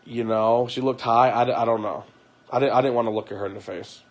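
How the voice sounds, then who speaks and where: Young man, tired and aggrieved, stumbling over repeated words, medium-pitched voice, streaming from home. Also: steady tone. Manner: halting, repeats words often; weary and aggrieved. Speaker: livestreamer. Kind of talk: emotional live-stream monologue.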